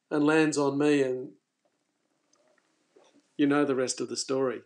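A man hosting a fishing live stream, telling a story casually and with energy, stumbling and restarting, then trailing off quietly. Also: a little high, fairly even intonation, moderate pace, long pauses. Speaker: fishing coach and channel host.

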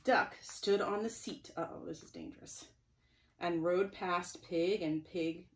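A woman librarian reading a picture book to preschoolers, gentle and expressive, with chatty asides to the children. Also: on the low side, unhurried. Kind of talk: preschool story time reading.

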